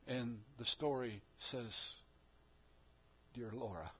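A man preaching a sermon as pastor, moving between quiet reflective passages and loud, emphatic declarations. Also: mid-range voice, slow pace, husky, dull audio.

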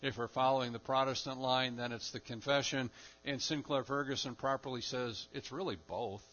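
A man preaching a sermon, moving between quiet asides and loud, stressed phrases. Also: medium pitch, steady tone, normal speed, lo-fi sound. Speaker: pastor.

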